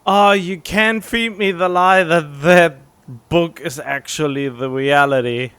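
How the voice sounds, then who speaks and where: A man's voice: on the high side, takes it slowly, fairly bright tone, smooth, no echo. A man hosting a let's play, talking back at the game with mocking, laughing commentary into a desk microphone. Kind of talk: casual gameplay commentary. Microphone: USB desk microphone.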